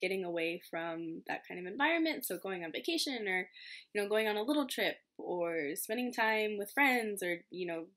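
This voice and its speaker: A woman's voice: medium pitch, animated, normal speed, a bit bright. Chatty young woman, filler-heavy. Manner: chatty, filler-heavy, self-deprecating with frequent laughs. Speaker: medical student vlogger. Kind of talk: casual storytelling to camera. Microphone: camera mic, home recording.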